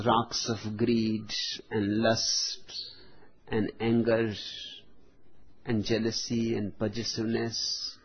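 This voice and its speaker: A man giving a spiritual discourse with jokes, speaking in slow, measured, drawn-out phrases with long pauses. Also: mid-range voice, husky. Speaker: spiritual teacher. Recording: dull lo-fi recording.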